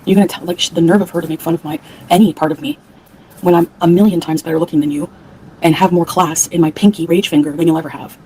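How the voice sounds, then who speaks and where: Woman streamer, heated profane rant, low pitch, warm mellow tone. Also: steady tone, fast talker, a little hiss or hum, poor audio. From Canada. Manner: profane, heated, talks back to chat. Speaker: livestreamer. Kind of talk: angry livestream rant.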